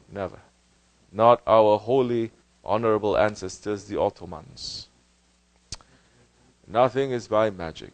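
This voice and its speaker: A man giving a Sufi sermon as teacher, impassioned, swinging between loud outbursts and hushed lines, full of rhetorical questions and repetition. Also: fairly low pitch, measured pace, pauses often, no room sound, poor audio.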